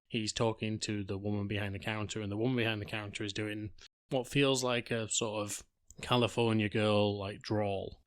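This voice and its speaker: Low flat-voiced man recapping. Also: no room sound, studio quality. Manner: casual retelling, blunt language. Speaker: podcast host. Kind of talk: TV recap podcast.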